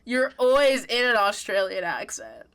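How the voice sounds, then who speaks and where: A woman's voice: medium pitch, big pitch swings, normal speed, a bit bright, clean tone. A woman streamer from Pennsylvania with a Pennsylvania accent, chatting playfully and teasing while reacting. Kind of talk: casual reaction stream chat.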